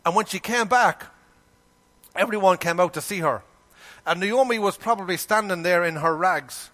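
Emphatic male preacher, fairly high voice. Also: a bit bright. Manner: emphatic preaching with rhetorical questions; acts out quoted voices. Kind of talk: sermon.

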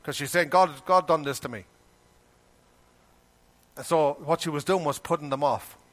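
Male preacher, fairly high pitch, folksy and animated sermon delivery. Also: moderate pace. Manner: animated, rhetorical questions, colloquial grammar.

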